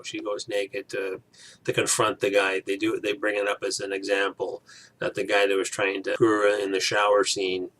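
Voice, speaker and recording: A man's voice: lowish voice, creaky, fairly bright tone. A man giving a casual, rambling spoken movie review, talking to viewers with lots of fillers and restarts.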